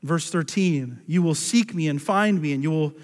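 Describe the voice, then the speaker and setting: High-voiced preacher in a reverberant hall. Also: male voice, moderate pace. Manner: earnest preaching, reads scripture aloud, rises and falls in pitch. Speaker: pastor. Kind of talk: sermon.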